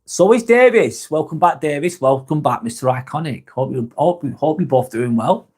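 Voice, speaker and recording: Man, slightly higher voice, live-stream host, casual chat with viewers, blunt, swears a lot. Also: lively intonation, moderate pace, darkish tone, husky. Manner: blunt and heavily swearing, frank and joking.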